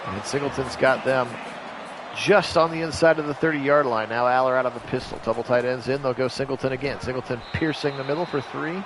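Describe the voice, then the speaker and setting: A man calling a simulated football game on his own, jumping up loud on big plays and chatting with viewers in between. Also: medium pitch, a little fast, noisy background. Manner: rises sharply and loud for big plays, chatty asides to live chat. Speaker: play-by-play host of video game sims. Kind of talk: solo play-by-play commentary on a simulated game.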